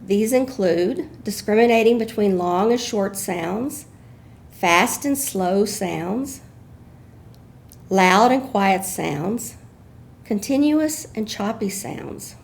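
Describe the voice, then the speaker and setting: A woman giving measured, explanatory scripted narration as an instructor. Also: mid-range voice, lively intonation, creaky.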